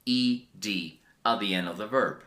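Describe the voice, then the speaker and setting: A man's voice: lowish voice, unhurried, sharp tone. A man teaching an English pronunciation lesson, enthusiastic and emphatic, repeating words for learners. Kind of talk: language lesson.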